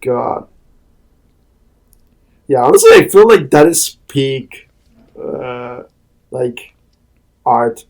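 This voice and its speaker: A man's voice: mid-range voice, sing-song, takes it slowly, pauses often, a little mellow. A man chatting casually on an animation podcast, giggling often.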